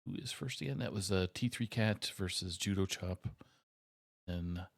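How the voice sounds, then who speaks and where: Male stream host, very low voice, halting delivery with many pauses, casual sign-off. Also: vocal fry.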